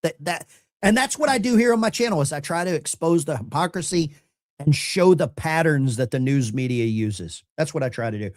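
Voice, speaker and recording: A man hosting a live call-in stream, taking callers and talking loosely. His pitch swings widely as he talks, and he is lively and rambling. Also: brisk. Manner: animated and chatty, often rambling. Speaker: call-in show host.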